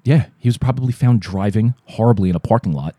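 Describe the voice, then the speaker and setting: Podcast co-host, male, low mellow voice, rambling and profane, dry close sound. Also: fast talker, slightly rough, no room sound. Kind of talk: casual chat.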